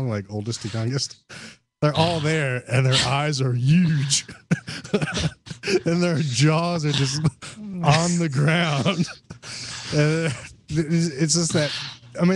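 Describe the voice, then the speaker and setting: A man hosting a casual podcast chat, telling stories in an animated way and laughing often. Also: medium pitch. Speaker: podcast host.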